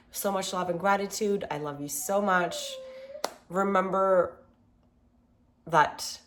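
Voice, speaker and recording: A woman hosting a self-love workshop, leading a guided meditation with gentle, affirming words in a calm manner. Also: on the low side.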